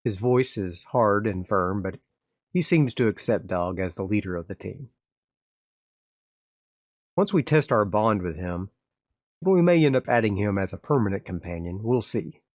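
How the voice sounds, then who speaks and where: Acting as both game master and solo player, a man plays a tabletop game alone, calling out his dice rolls step by step and narrating the story. His lowish voice is animated and unhurried with long pauses, recorded dry in a clean studio.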